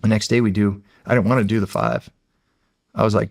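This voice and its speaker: Gravelly middle-aged man telling a story. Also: lowish voice, sing-song, a little fast, a little mellow, dry recording, studio quality. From United States. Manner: rambling, acts out quotes, repeats "he's like". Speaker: podcast guest. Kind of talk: casual storytelling.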